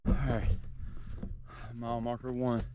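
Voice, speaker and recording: A man's voice: medium pitch, monotone, a little slow, dark tone, muffled recording, slight background noise. A man with a Southern American accent, tired and sore, chatting to the camera as he vlogs a long hike outdoors on a forest trail. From southern United States. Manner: chatty, talking to the camera while hiking. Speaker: hiking vlogger. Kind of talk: casual vlog narration on the trail.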